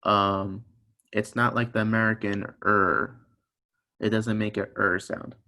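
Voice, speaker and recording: Delivering a recorded language lesson, a young male teacher speaks a little slowly in a fairly low, bright voice with a forceful tone but flat delivery. He guides the listener patiently through each sound, step by step, repeating his examples.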